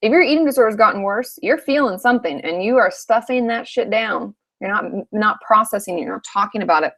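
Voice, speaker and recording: A woman's voice: mid-range voice, expressive, fairly quick, fairly bright tone. A woman in her thirties, a therapist from Washington state, answering viewer questions in a frank, chatty live Q&A, swearing casually now and then.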